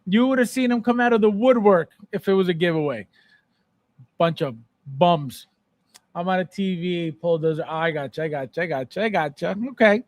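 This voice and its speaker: High-voiced ranting male host. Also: quick pace, hardly any pauses, dry recording. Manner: exasperated, ranting, repeats himself. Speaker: podcast host. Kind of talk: live-stream chat with viewers.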